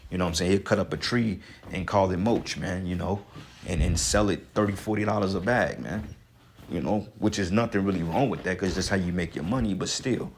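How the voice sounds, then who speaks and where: A man's voice: deep voice, a little fast, slight background noise. A man with a congested voice giving casual, heated religious talk, profane and ranting, with scripture readings between. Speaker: religious commentator.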